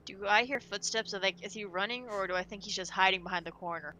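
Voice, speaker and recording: A woman's voice: medium pitch, fast talker, bright, forceful tone, slight background noise. A woman playing a tabletop game, asking one question after another about the scene. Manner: inquisitive, asks many questions. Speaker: player.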